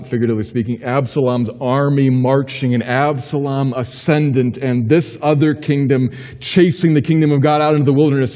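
A pastor preaching a sermon with emphatic delivery, rising to urgent questions and dropping to quiet assurance. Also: male voice, medium pitch, long reverb tail. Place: church sanctuary.

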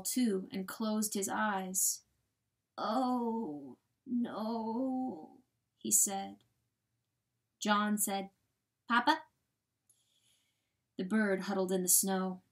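A woman narrating a storybook aloud in a measured, solemn storytelling manner. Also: medium pitch, fairly even intonation. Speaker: audiobook narrator. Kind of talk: dramatic audiobook reading.

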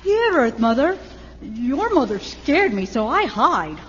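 A woman voicing a naive, pregnant female dragon who speaks in halting, broken English, in a radio drama. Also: a little high, very animated, in a large hall, muffled recording, a little hiss or hum. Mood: earnest.

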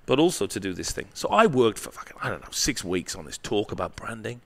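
Animated, profane man telling stories. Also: fairly low pitch, fairly quick, gravelly. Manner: profane, animated storyteller with tag questions. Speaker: guest, marketing professor. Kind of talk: candid storytelling interview.

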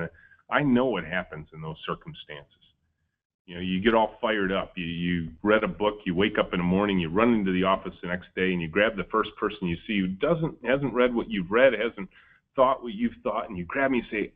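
A man, a company founder, giving a storytelling webinar talk and acting out the dialogue in his stories. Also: deep voice. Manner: lively storyteller, acts out quoted dialogue. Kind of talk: storytelling keynote. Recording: tinny phone-like webinar audio.

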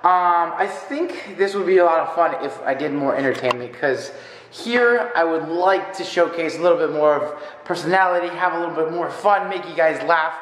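A man's voice: on the high side, normal speed, a bit bright, a little hiss or hum. A man chatting casually to his viewers in a playful, rambling and self-mocking way. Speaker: vlogger. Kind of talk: casual vlog chat. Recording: echoey room with long reverb.

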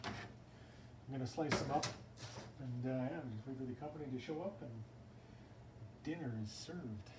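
A man's voice: mid-range voice, steady tone, fairly quick, pauses often. Man, casual cooking vlog, rambling, chatty, home kitchen, noisy recording, camera across the room. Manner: rambling, chatty, self-interrupting. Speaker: home cook.

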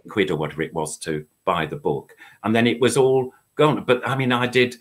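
Older man, low husky voice, casual rambling stories, chatty guest. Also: expressive, brisk. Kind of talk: casual reminiscing chat.

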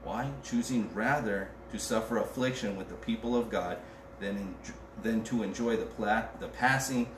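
A man's voice: on the low side, moderate pace. Male pastor, casual joking sermon, distant mic, noisy room ambience. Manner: casual, joking, reads scripture aloud. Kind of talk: conversational sermon. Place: church. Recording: roomy and distant with background noise.

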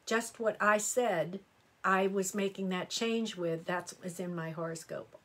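Reading horoscopes live, this middle-aged astrology reader has a slightly bright, medium-pitched voice with fairly even intonation and a somewhat slow pace. She chats and exclaims freely while answering comments from her viewers.

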